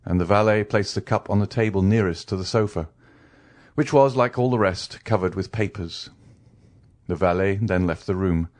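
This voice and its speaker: A man narrating a classic novel as an audiobook, reading in a measured way. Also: on the low side, a little mellow. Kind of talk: scripted narration.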